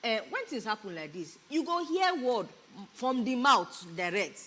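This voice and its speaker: A woman's voice: on the high side, big pitch swings, measured pace, bright, forceful tone, a little hiss or hum. Nigerian woman explaining the news conversationally. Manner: explanatory, conversational, with tag questions. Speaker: talk-show co-host. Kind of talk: casual Pidgin news discussion. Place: broadcast studio.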